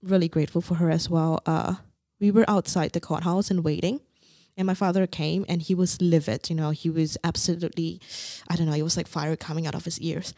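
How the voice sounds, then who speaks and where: Young woman from singapore, low gravelly voice, dark tone, dry close sound, candid and quiet. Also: steady tone, a little fast, no echo. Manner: candid, quietly recounting painful memories. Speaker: guest. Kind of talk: personal story in a podcast interview.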